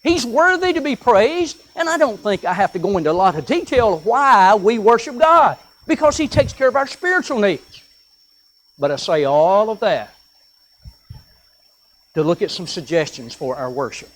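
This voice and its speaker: A preacher with a notably high voice delivers a sermon to his congregation. He swings between pressing, emphatic points and quieter asides, and slows right down whenever he reads from scripture. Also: big pitch swings. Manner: earnest, rising and falling with emphasis, reads scripture slowly. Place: church sanctuary.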